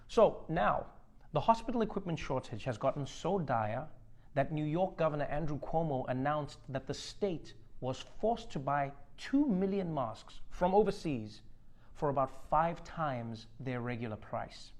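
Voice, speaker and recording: Comedy news host: a man with a slightly high voice, sarcastic punchlines. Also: lively intonation, a little slow, darkish tone. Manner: joking, sarcastic delivery with acted-out bits. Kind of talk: satirical news monologue.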